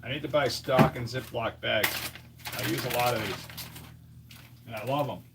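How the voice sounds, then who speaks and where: A man chatting casually on a live stream while fixing a snack in his home kitchen, thinking out loud as he works. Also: mid-range voice, normal speed, gravelly, heavy background noise.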